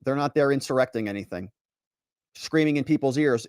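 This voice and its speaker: A lawyer hosting a livestream, talking in a sarcastic, animated way as he reads out chat messages and reacts. His pitch moves a lot, rising and falling freely. The sound is dry and close, with no room echo. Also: fast talker. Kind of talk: livestream commentary reading chat.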